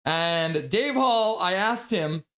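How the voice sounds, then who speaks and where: A man's voice: high voice, expressive, takes it slowly, sharp tone. A man hosting a live stream, calling hockey play-by-play in a casual, chatty way and joking with chat between calls.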